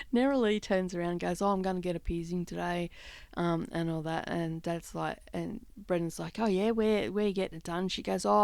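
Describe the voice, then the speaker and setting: A middle-aged woman with a lowish, clean voice hosts a craft vlog from her home craft studio, with no echo. While stitching, she casually tells a rambling family story and laughs often.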